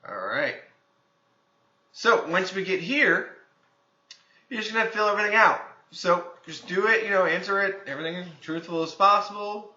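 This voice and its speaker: A man's voice: high-pitched, moderate pace, sharp tone. A man, a fitness trainer, talking through a casual screen-recorded tutorial in a conversational way, with many filler phrases. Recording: echoey room, dull lo-fi sound.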